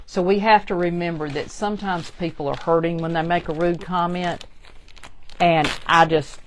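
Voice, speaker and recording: A woman hosting a chatty live crafting demonstration, talking straight to her viewers. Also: sits low. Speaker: craft tutorial host.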